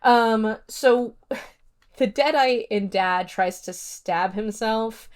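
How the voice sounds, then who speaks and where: A woman with a fairly high voice speaks very slowly while hosting a casual solo podcast. She rambles through a horror film review with lots of fillers, retelling scenes by acting out quotes.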